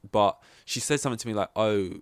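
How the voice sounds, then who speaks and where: A man's voice: on the low side, quick pace, clear, resonant tone, dry recording. A young man, hosting a casual solo podcast and telling a story in a rambling, blunt, laid-back way with some swearing. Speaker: podcast host.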